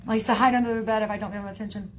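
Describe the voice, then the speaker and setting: A woman's voice: mid-range voice, steady tone, rapid-fire, soft background music. A woman chatting casually to her viewers in a rambling way, full of fillers and "y'all". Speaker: livestreamer talking to viewers. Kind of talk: casual chat.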